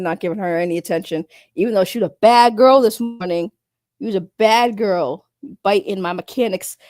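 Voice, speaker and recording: A woman's voice: mid-range voice, darkish tone, no room sound, studio quality. A woman hosting a livestream in casual, rambling chat. She is blunt and joking and swears freely as she greets her viewers. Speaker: livestream host.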